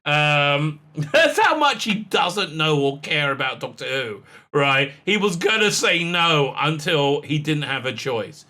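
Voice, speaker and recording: A man's voice: on the high side, lively intonation, slow pace, bright, forceful tone. A man giving sarcastic commentary, reading quotes aloud with lots of fillers and laughs. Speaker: commentary vlogger.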